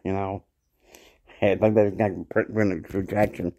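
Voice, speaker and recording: A man's voice: on the low side, little pitch movement, normal speed, gravelly, mellow. A man casually retelling a story in a rambling way with lots of filler words. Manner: rambling, many fillers and restarts.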